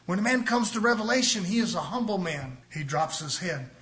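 An impassioned man preaches emphatically, calling out to his brothers and sisters. His voice is bright and forceful and sits a little high. He presses his points hard as he drives the sermon forward. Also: animated, brisk.

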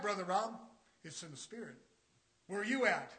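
A man preaching a sermon with fiery energy, swinging between shouted declarations and hushed, quiet asides, with folksy Southern phrasing. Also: sits high, animated, moderate pace, pauses often.

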